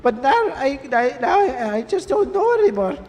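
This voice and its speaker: A man's voice: extremely high pitch, very animated, moderate pace, darkish tone, big-room sound, slight background noise, pitched above the performer's own voice. A man voicing a distraught, pleading middle-aged mother in a game, with a put-on foreign accent. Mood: pleading, bitter.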